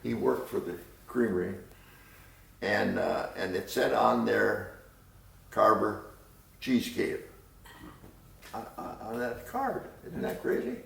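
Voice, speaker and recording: A man's voice: lowish voice, expressive, slow pace, vocal fry, long pauses, fairly bright tone, a little hiss or hum. An older man reminiscing in an oral history interview, rambling and chuckling as he tells stories. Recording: roomy room, distant mic.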